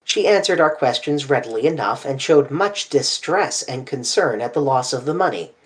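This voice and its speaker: An audiobook narrator reads a classic novel in a measured, storytelling manner. The pitch rises and falls expressively. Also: expressive.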